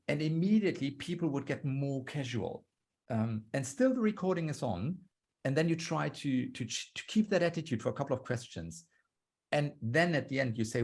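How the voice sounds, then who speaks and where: A man's voice: medium pitch, expressive, fairly quick, darkish tone. A man giving a talk on storytelling over a video call, explaining step by step and acting out quoted lines. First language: German. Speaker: guest speaker on storytelling.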